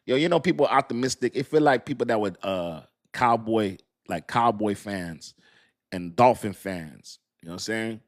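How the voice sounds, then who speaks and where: A man hosting a casual crypto livestream, talking in animated, slangy street talk, swinging between loud and soft. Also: fairly low pitch, moderate pace.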